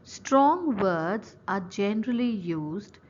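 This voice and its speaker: A woman professor with an Indian English accent gives a recorded university lecture, speaking deliberately and listing points one by one. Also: medium pitch, animated, a little mellow. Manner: slow, deliberate, lists items one by one. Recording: slightly dull recording with faint background noise.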